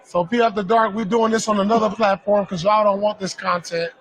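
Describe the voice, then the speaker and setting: A man's voice: high voice, fairly even intonation, a little fast, background noise. A man joking brashly and with a lot of swearing in a played clip, with a crowd behind him. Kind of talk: casual banter on a broadcast clip.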